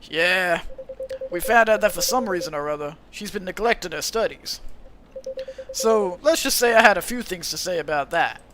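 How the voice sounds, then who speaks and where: A man's voice: sits high, animated, normal speed, noisy background. A man voicing a tired, plain-spoken middle-aged male police officer who is a father. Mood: weary.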